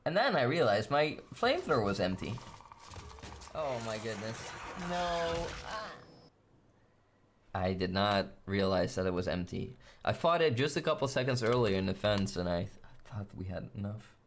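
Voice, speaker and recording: A man chatting casually on a live stream, playful and goofy, swinging between loud bursts and soft asides. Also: fairly low pitch, animated, normal speed, long pauses, background noise.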